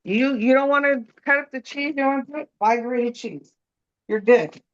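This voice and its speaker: Over lo-fi sound, a high-voiced woman appears as a guest food expert cooking live at a moderate pace. She chats and talks through every step, often checking in with "okay?", "right?" and "you know?"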